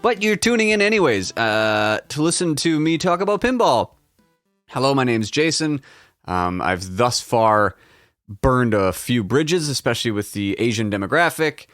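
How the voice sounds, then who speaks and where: A Midwestern American man chats on his own podcast, rambling and self-mocking. His pitch jumps around a lot. The recording is dry and close, with faint music underneath. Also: fairly bright tone, no room sound. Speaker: podcast host. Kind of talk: casual solo podcast chat.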